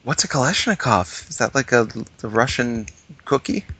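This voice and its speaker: A man's voice: moderate pace, husky. A man co-hosting a casual comedic podcast, answering with dry disbelief. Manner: dry, incredulous, lively pitch swings. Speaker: podcast co-host.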